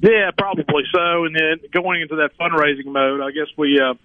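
Baseball analyst on a tinny phone line. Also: male voice, fairly high pitch, little pitch movement, dry recording. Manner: measured, thinks aloud with fillers. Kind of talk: casual sports analysis.

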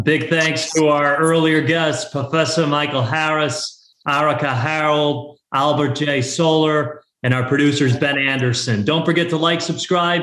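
A man's voice: on the high side, fairly bright tone, roomy sound. A man hosting a legal podcast, joking casually and reading the sign-off. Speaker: podcast host. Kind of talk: casual chat and show sign-off.

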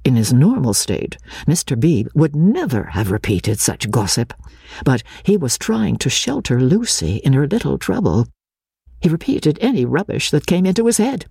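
A woman reading a classic novel aloud as an expressive audiobook narrator. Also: a bass voice, moderate pace, slightly rough, no room sound, studio quality.

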